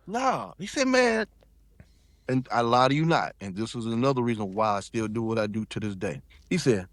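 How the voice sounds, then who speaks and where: A man's voice: fairly high pitch, sing-song, moderate pace, fairly bright tone, no room sound, studio quality. A man from South Carolina, telling a story in casual chat and acting out quotes in shifting voices. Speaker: podcast guest.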